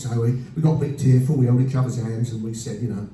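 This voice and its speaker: A man in his fifties doing a stand-up comedy set, with blunt, deadpan storytelling and crude punchlines, recorded at a live venue with audience laughter behind him. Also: mid-range voice, fast talker. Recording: roomy live venue sound from a distance.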